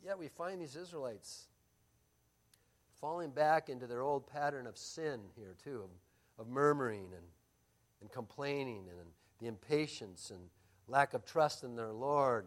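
A middle-aged man pastor preaching a sermon, telling stories and moving between loud emphasis and quiet asides. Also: mid-range voice, animated, normal speed.

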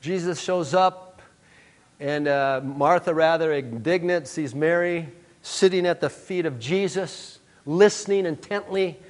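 A man preaching a sermon to a congregation, earnest and emphatic, often pausing with "uh". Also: a little high. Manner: earnest, emphatic, many "uh" fillers. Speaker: pastor.

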